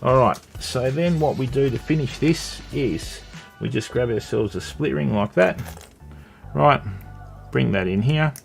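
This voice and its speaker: A gravelly-voiced Australian man talks in a relaxed, chatty way as he hosts a live stream and demonstrates by hand. His pitch sits in an ordinary middle range, and soft music plays faintly behind him. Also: a little slow. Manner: chatty, greets viewers while working with his hands. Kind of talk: casual live-stream demo.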